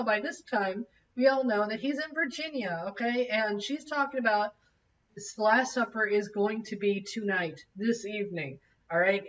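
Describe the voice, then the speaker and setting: A woman's voice: mid-range voice, recorded from a distance, slight background noise. Middle-aged lady ranting about a tv show, blunt and fed up, kinda muffled and off-mic. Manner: blunt, exasperated, loose and conversational. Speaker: show reviewer. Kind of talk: casual rant-style TV review.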